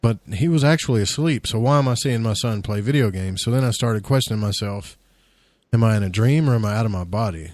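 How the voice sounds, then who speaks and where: A man's voice: lowish voice, quick pace, darkish tone, no room sound. A man hosting a radio talk show, chatty and telling his own story, often asking "right?". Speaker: radio host. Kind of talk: casual radio interview.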